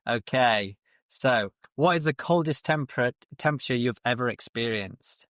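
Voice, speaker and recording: A man's voice: medium pitch, no room sound. Laid-back male co-host, dry sound. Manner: relaxed, brief reactions and quick questions. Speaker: podcast co-host. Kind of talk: casual interview chat.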